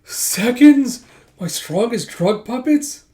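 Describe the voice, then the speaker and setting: A man's voice: a little high, normal speed, dark tone, lightly acted. A man voicing a melodramatic, scheming male villain who wails and shrieks in self-pity while reading a comic aloud. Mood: shrill outrage. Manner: wailing, theatrical, rising to shrieks. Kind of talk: casual manga readthrough with voiced lines.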